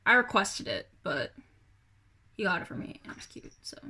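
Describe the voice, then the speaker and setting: A woman's voice: mid-range voice, big pitch swings, normal speed, bright, forceful tone, husky. A young woman rambling through a casual personal vlog, hesitant, with many fillers and sighs. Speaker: vlogger.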